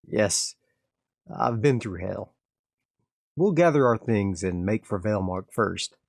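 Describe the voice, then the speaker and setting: A man's voice: on the low side, lively intonation, slow, gravelly, no echo, clean studio sound, exaggerated voice. A man voicing a weary young male adventurer who speaks plainly.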